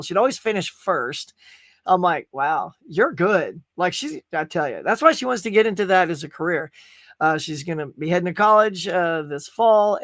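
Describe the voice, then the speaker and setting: A middle-aged man chats on his home livestream, laughing often and restarting his sentences as he rambles. His voice sits high for a man. The sound is dry and close, with no room echo. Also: a bit bright. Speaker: livestream podcast host. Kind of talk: casual chat with live chat. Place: home studio room with toys.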